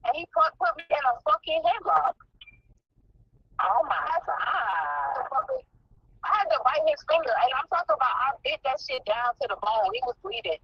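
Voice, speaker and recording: A woman recounting being attacked, halting with many fillers, in a played clip. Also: high-pitched, big pitch swings, no room sound. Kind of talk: personal account in a played clip. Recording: dull, dry clip.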